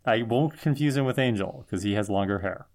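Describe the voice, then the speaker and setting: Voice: medium pitch, fairly quick. Wry, laid-back podcast co-host. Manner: relaxed, wry, laughing asides. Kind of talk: casual episode recap chat.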